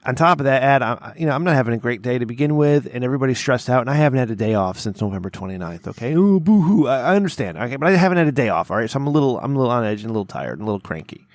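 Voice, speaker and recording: A man's voice: mid-range voice, animated, very fast, hardly any pauses, no echo, clean studio sound. A man co-hosting a podcast, telling a work story in a rambling way, with many restarts and tag questions like "okay?" and "right?". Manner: rambling, repeats words, checks in with "okay?" and "right?". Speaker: podcast co-host; workplace boss. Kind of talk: casual storytelling chat.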